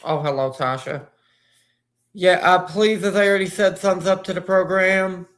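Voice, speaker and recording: A man hosting a casual livestream, talking hesitantly with lots of fillers and pauses. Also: high-pitched, steady tone, fairly bright tone. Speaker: livestream host.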